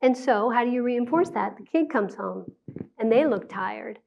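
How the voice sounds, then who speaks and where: Gravelly-voiced woman giving a parenting talk. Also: a little high, lively intonation, moderate pace, darkish tone. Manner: conversational, acts out parent and child quotes, laughs often. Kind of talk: public talk to an audience. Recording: dull lo-fi sound.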